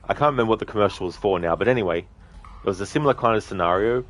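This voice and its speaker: A man's voice: on the low side, racing, fairly bright tone. A male streamer chatting casually with viewers while playing, reading out their redeems. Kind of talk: casual live-stream chat while gaming.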